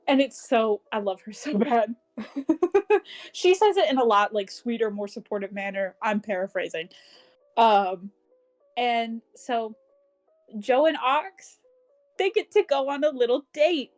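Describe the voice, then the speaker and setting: A woman with a fairly high voice recaps a book for her podcast co-host in loose, casual chat. She giggles through the story, gushes about favourite scenes and drops the odd swear word. Faint music plays underneath. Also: measured pace, long pauses. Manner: giggly, gushing, swears freely.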